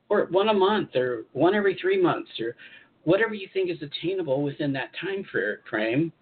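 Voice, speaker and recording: A man hosting a spiritual advice show, speaking in an encouraging, repetitive way and pausing to comment as he reads articles aloud. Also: on the high side, animated, slightly rough. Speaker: host channeling spirit guides. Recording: tinny phone-like audio.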